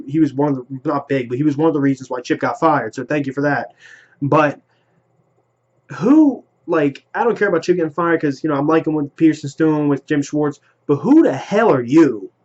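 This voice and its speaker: A man delivering an angry, profane rant as a sports fan commentating on his team's trades. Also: a little high. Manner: heated, profane, rapid-fire ranting. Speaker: sports vlogger. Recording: lo-fi home recording.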